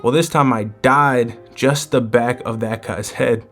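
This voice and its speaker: A man's voice: medium pitch, fairly even intonation, a little slow, a bit bright, faint music behind. A man voicing a scheming, playful male trickster god, chatty and teasing as he reads the lines in a manga recap.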